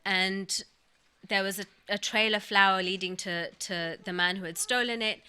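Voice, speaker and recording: A woman speaks at a podium microphone, lecturing a gathering on scripture. Her tone is bright and carrying, and her pitch sits at a middling level. She explains each point with emphasis and now and then recites a verse in Arabic. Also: fairly even intonation, unhurried, clean tone. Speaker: religious speaker. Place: mosque or community hall.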